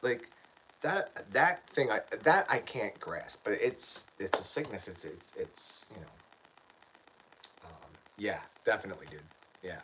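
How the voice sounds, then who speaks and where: A man's voice: lowish voice, expressive, a little slow, fairly bright tone, a little hiss or hum, rough recording. A man hosting his channel, telling a story in a casual livestream chat, ranting and often saying "dude" and "man". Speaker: channel host.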